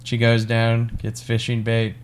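A man co-hosting a casual movie review chat, laughing often, swearing and acting out scenes in quick voices. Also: mid-range voice, monotone, slight background noise. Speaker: podcast co-host.

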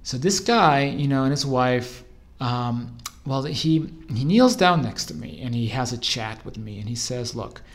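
A man's voice: mid-range voice, expressive, a little slow. A man telling a personal story in casual first person, rambling and correcting himself as he goes. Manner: rambling, self-correcting, trails off and restarts mid-thought. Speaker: storyteller recounting a personal experience.

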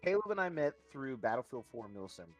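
With faint music behind him, a young podcast co-host spins a long, casual story at a fairly quick clip, his medium-pitched voice very animated. He rambles, swears, and puts on voices for other people's lines.

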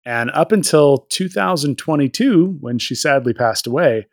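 A man's voice: fairly high pitch, expressive, normal speed, dry recording, clean studio sound. A man co-hosting a podcast, recapping an episode in casual chat, rambling and joking with plenty of fillers. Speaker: podcast co-host.

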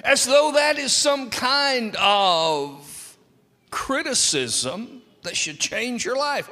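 Male preacher, high and animated, slow and deliberate, reverberant church hall. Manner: lively, dramatic delivery with acted quotes. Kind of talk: sermon.

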